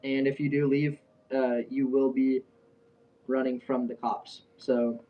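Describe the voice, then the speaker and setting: A man's voice: mid-range voice, little pitch movement, measured pace. A young man casually telling a story, rambling with fillers and restarts. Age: young adult. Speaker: vlogger. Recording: dull sound, a bit far from the mic.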